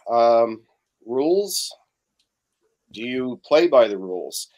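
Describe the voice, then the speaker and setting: A man's voice: medium pitch, very animated, slow, a little mellow. A middle-aged man chatting as a podcast guest, telling stories and acting out the voices of people in them. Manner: storytelling, acts out quoted voices. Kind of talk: casual podcast chat.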